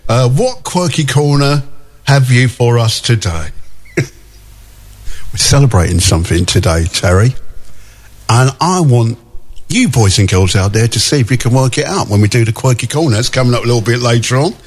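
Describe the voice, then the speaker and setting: Lively, chatty male radio host. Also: mid-range voice, normal speed. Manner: chatty and jokey, laughing often. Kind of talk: breakfast radio chat reading listener messages.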